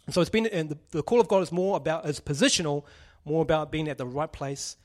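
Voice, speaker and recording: A man's voice: on the high side, fast talker, a little mellow. A man preaching a casual sermon, joking and putting questions to the congregation. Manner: chatty, jokey, asks the audience questions.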